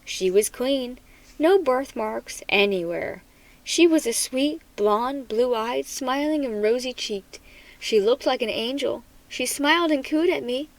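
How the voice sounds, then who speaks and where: Woman, storybook reader, expressive, dramatic, somewhat high voice. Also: slow pace, poor audio. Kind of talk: reading a children's horror book aloud.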